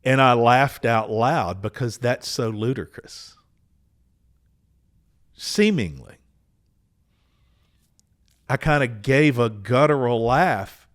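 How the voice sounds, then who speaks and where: A man, telling a personal story as a podcast host, earnest and unhurried, with small restarts. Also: mid-range voice. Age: 60s.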